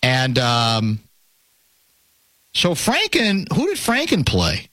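A man hosting a talk radio show, rambling and animated, often breaking off and restarting his sentences. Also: medium pitch, slow, dry recording. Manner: animated, rambling, self-interrupting.

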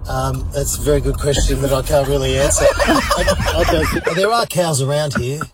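Man, driving, corny jokes, chatty, car interior, clear road noise. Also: medium pitch, sing-song, moderate pace. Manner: joking, chatty, corny puns. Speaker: driver on a road trip. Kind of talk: casual road-trip chat. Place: inside a car.

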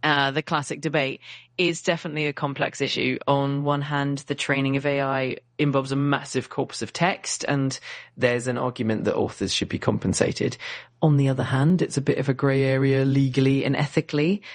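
A text-to-speech woman's voice with an English accent and a bright, clear tone, answering in an agreeable, polished way. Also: a bass voice, steady tone, no echo. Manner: agreeable, polished, evenly measured. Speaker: AI voice assistant. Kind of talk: conversational chat.

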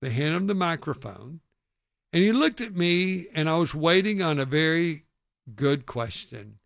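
A man hosting a talk show, telling a lively story in a self-deprecating way and acting out the people he quotes. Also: on the high side, measured pace, vocal fry, dry recording. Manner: animated, self-deprecating, acts out hecklers. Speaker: podcast host and author. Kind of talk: conversational storytelling.

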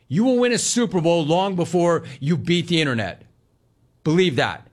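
A man's voice: on the high side, big pitch swings, moderate pace. A middle-aged man hosting a sports talk radio show, delivering an emphatic, punchy monologue full of repetition.

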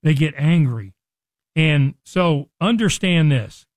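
A man with a slightly high voice teaches scripture on a radio program. He speaks earnestly and conversationally. The sound is dry and close, with no room echo. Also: animated, slow. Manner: earnest, acts out quoted speech with rising emphasis.

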